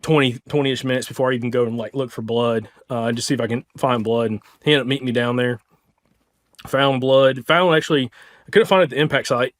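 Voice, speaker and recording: A man with a Southern US accent, hosting a podcast, tells a hunting story in an excited, casual way, full of "like" and "dude". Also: mid-range voice. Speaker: podcast host.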